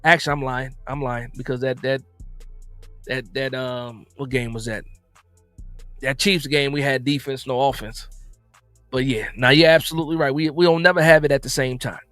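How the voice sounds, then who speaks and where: A man's voice: mid-range voice, fairly even intonation, normal speed, fairly bright tone, no room sound, faint music behind. A man hosting a casual football recap livestream, reading viewer comments and answering emphatically, often repeating himself for emphasis. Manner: conversational, emphatic, repeats phrases. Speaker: livestream host reading chat.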